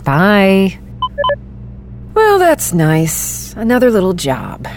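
A woman's voice: medium pitch, wildly swooping pitch, drawn-out words, soft background music, exaggerated voice. An actress playing a dry, sarcastic woman necromancer and bounty hunter. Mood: wry.

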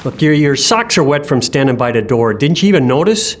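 A woman's voice: a bass voice, very animated, brisk, a little hiss or hum, voice pushed down. A woman voicing a protective man in a camp, brusque and teasing by turns, in an audiobook. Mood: stern.

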